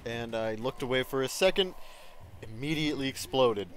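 A young man giving casual gameplay commentary, excitable, swearing often and breaking into sudden loud outbursts. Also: mid-range voice, moderate pace, slight background noise. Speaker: gaming video creator.

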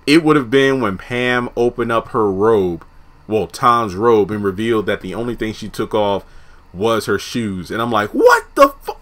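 A young man casually recapping a TV episode, animated, laughing often and acting out the characters' lines. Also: on the low side, normal speed. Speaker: TV episode reviewer.

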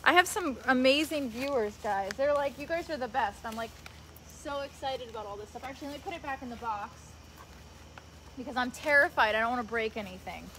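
A young woman vlogger gushing excitedly as she unboxes a gift haul at home, talking to her viewers and the giver. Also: high voice, brisk, slight background noise. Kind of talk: casual vlog unboxing. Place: home, later outdoors by a tree.

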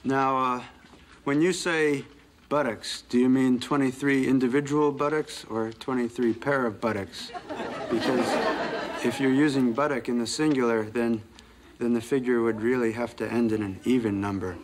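Sitcom: actor as a fussy literal coworker, hesitant, mid voice, hissy audio. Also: male voice, mid-range voice, steady tone, normal speed, a crowd in the background, close to an everyday voice. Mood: pedantic. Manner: hesitant, fussily precise. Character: pedantic male office worker, fussy and literal. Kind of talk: 1990s sitcom acting. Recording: noisy old TV audio.

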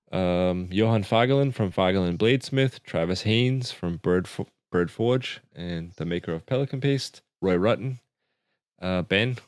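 A relaxed man hosts a casual podcast with a low voice. He chuckles easily between his points. The recording is dry and close. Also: smooth, no room sound. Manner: laid-back, laughs easily. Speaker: podcast host.

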